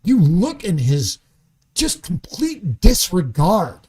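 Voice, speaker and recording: A comedian guesting on a studio podcast speaks with heat and force, leaning hard on his words, swearing freely and pushing his point relentlessly. His high voice swoops wildly in pitch, is mellow with a breathy edge, and moves slowly.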